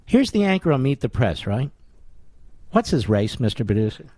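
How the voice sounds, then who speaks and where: A middle-aged man holds forth as a talk radio host, firing off sarcastic rhetorical questions in a combative monologue. His voice sits at an ordinary pitch and is recorded close and dry, with no room sound. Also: big pitch swings, moderate pace, dark tone, no room sound.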